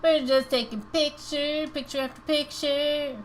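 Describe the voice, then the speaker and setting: A woman's voice: high voice, fairly even intonation, measured pace, slight background noise. A woman co-hosting a video game session, teasing and bantering casually. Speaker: co-host.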